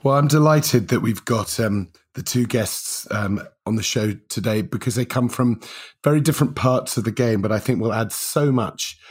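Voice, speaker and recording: A man's voice: medium pitch, moderate pace, husky, dry recording. Hesitant, rambling male podcast co-host. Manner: rambling, hesitant with frequent ums and restarts. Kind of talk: casual podcast chat.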